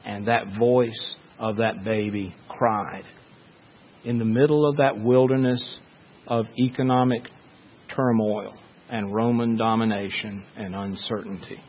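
A man preaching a sermon as a pastor, slow and measured, with dramatic pauses. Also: fairly low pitch, fairly even intonation, breathy edge, long reverb tail, muffled recording.

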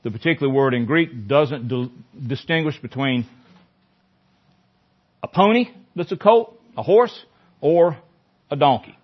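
A man's voice: mid-range voice, animated, a little slow, pauses often. A man leading a Bible study in a conversational teaching style, often repeating phrases for emphasis. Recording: dull lo-fi recording.

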